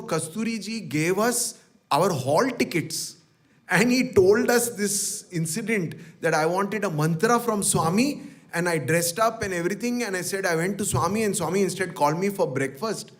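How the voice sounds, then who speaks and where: A middle-aged man, telling personal memories to a devotional gathering and acting out the dialogue he quotes. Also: fairly high pitch. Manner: animated storyteller, acts out quoted dialogue. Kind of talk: storytelling talk.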